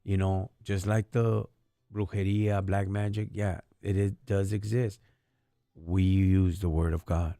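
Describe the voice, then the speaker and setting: On a live stream, a man tells stories in a casual chat that's slangy, street-casual and earnest, full of "dog" and "homie" and focused on faith. His deep voice has a level, warm tone and a slightly slow delivery. The sound is studio quality with no room sound.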